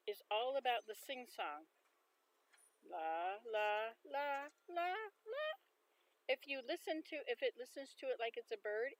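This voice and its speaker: Chatty woman livestreaming, slightly high voice. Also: poor audio. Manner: chatty, muses aloud while sounding out words. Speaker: livestream host. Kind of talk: casual livestream chat.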